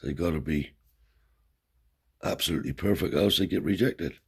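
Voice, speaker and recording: A man's voice: a bass voice, normal speed, husky, full character voice. A man voicing a humble, hard-up machinist who talks modestly and plainly.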